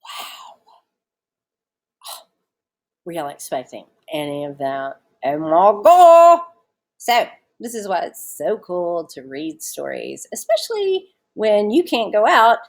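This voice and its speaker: Speaking in a low voice, a woman teacher walks through a short story in a recorded online lesson from home. She's casual and chatty, leaning on fillers as she explains.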